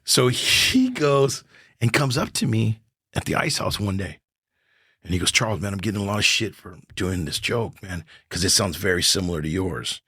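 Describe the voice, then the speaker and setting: Husky older man telling a story. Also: on the low side, moderate pace, no room sound, studio quality. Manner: animated storyteller acting out dialogue. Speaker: comedian guest. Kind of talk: casual storytelling chat.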